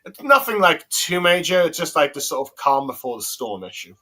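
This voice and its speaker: A man's voice: fairly high pitch, sing-song, brisk, sharp tone. A man hosting a casual comic review chat, hesitant and full of fillers, chuckling often. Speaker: podcast host.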